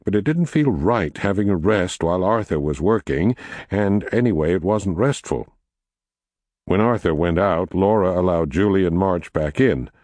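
A deep-voiced man reads a novel aloud in a measured storyteller's way, with his pitch moving expressively through each sentence. The recording is dry and close, with no room sound. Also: a little mellow, dry recording. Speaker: audiobook narrator. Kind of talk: scripted narration.

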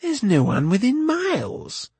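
A man voicing an excitable male bard in an audiobook, with a husky, breathless manner and a pitch raised above his own narration. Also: a little slow, dry recording, heavily acted. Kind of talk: audiobook character voice.

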